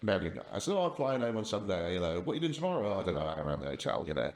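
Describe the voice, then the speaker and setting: Rambling older man, deep voice. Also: big pitch swings, racing. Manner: rambling anecdotes with many restarts. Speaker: podcast guest, software company founder. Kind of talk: casual conversational storytelling.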